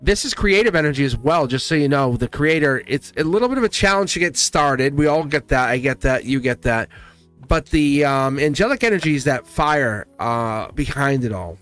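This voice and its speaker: A man's voice: mid-range voice, animated, normal speed, fairly bright tone, soft background music. A man giving a casual live-stream tarot reading. He rambles, laughs often, and chats directly with his viewers. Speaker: tarot reader.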